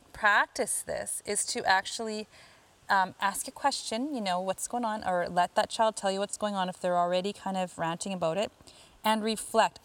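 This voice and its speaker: A woman coaching parents in a casual talk, answering listener questions and often pausing with fillers and restarts. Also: medium pitch. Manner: chatty, lots of fillers and restarts.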